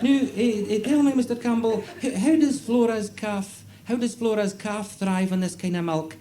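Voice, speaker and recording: A man's voice: high-pitched, moderate pace, voice pushed up, lightly acted. A man voicing a fussy, flustered male farm-department official who stammers. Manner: stammering and hesitant. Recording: noisy tape copy with audience laughter.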